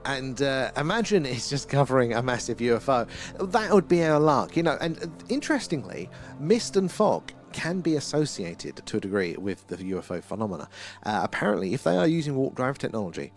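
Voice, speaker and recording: A man's voice: mid-range voice, big pitch swings, fairly quick, faint music behind. A middle-aged man with an English accent hosting a live stream, chatting with viewers and reading out their comments in a rambling, friendly way. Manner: chatty and rambling, reads out chat names, laughs often. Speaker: livestream host.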